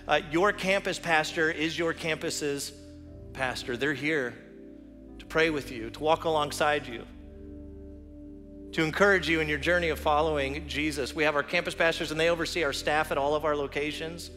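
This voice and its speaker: A man's voice: on the high side, steady tone, moderate pace, faint music behind. Man preaching in a reverberant church hall. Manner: earnest, personal storytelling with soft prayer. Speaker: teaching pastor. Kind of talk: sermon. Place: church sanctuary.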